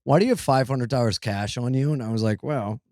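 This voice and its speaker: A male comedian co-hosts a casual podcast and tells stories about his own mishaps with a wry, self-mocking edge. His voice sits at a middle pitch. It is recorded dry and close. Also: quick pace, a little mellow, no room sound. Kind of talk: casual chat.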